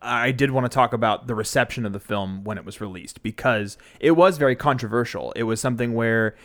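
A man's voice: medium pitch, a little fast, a bit bright. A man co-hosting a casual podcast, explaining a film's history at length with frequent "you know"s. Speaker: podcast co-host. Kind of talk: casual film discussion.

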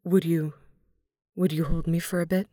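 A woman voicing a large, troubled male god of the dead, speaking in a breathy, subdued way. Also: fairly low pitch, little pitch movement, normal speed, dark tone, no room sound, studio quality, lightly acted. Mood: anxious tender.

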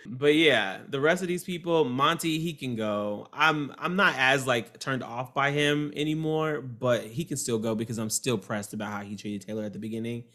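A man co-hosting a casual chat about reality TV, animated and sassy, slipping into mocking quotes. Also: mid-range voice, normal speed. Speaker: podcast co-host.

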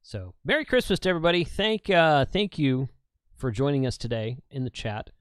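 A man hosting a livestream, talking casually in a relaxed way and laughing often. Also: mid-range voice, moderate pace, smooth, no room sound, clean studio sound. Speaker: livestream host.

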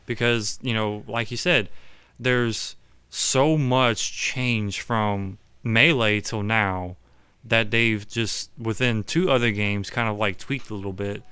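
A young man in loose gaming talk, rambling from one point to the next and swearing as he goes. His voice is bright and smooth. It is recorded dry, with no room sound. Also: fairly low pitch, takes it slowly, no room sound. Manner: rambling, animated, swears freely. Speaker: podcast co-host. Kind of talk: casual gaming chat.

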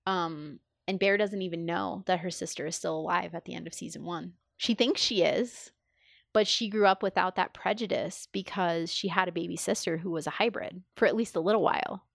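A woman's voice: on the low side, fairly quick, vocal fry, no room sound, clean studio sound. A woman co-hosting a podcast, chatting casually and enthusiastically, often saying "like". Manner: chatty, enthusiastic, frequent filler "like". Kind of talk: casual chat.

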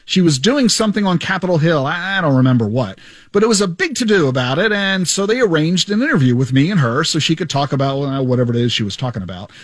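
Male radio host, high pitch, dry close studio sound, joking storyteller. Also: animated, quick pace, no echo. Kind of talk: radio show retrospective monologue. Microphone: studio microphone.

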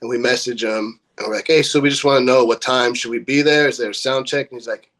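A man's voice: mid-range voice, quick pace. A young man from California in a band, casually telling a story full of swearing and acted-out quotes. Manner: profane, animated storyteller acting out quotes. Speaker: band member.

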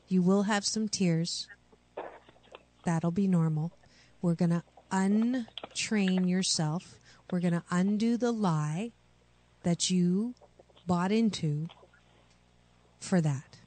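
A woman hosting a radio call-in show, coaching callers with slow, soothing affirmations. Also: fairly low pitch, darkish tone. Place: radio studio.

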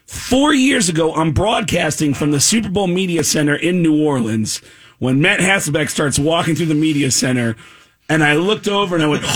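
A man, a comedian, telling a comic story on a radio show and acting out other people's voices with gasps and shouts. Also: a little high, expressive, fairly quick, breathy edge. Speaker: stand-up comedian guest.

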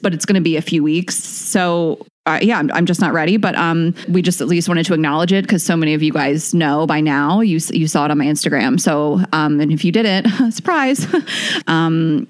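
A young woman hosting a podcast, talking in a halting, emotional way and laughing through tears. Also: on the low side. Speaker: podcast host. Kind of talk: casual podcast chat.

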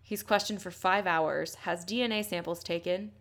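Gravelly-voiced woman telling a crime story. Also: on the low side, fairly even intonation, moderate pace, fairly bright tone. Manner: blunt and swears often, reads quotes aloud. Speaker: podcast host. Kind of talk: casual true-crime storytelling.

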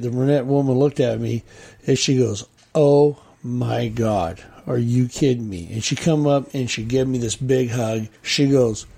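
A middle-aged man with a husky, darker tone tells a long story in casual podcast chat. He rambles and circles back, repeating words and quoting others as he goes. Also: medium pitch, a little mellow.

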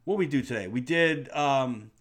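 A man's voice: mid-range voice, normal speed. A middle-aged man hosting a podcast, ranting bluntly and swearing a lot in an exasperated way. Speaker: podcast host. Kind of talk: casual profane rant.

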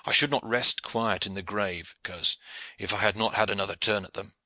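Male reader as a grim, vengeful veteran soldier; gruff, very dry sound. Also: lowish voice, steady tone, moderate pace, sharp tone, no echo.

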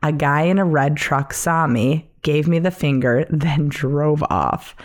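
A woman's voice: deep voice, unhurried. A woman co-hosting a podcast, reading stories aloud and chatting bluntly in a casual way. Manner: reads listener stories, blunt, laughs often. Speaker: podcast co-host. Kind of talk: casual chat.

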